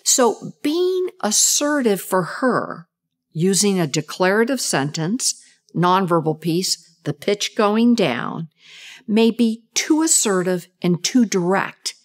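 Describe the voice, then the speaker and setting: Speaking at a mid-range pitch with an animated voice, a female communication expert gives a measured, deliberate explanatory talk on how speech differs by gender, slipping in short role-play examples to demonstrate intonation.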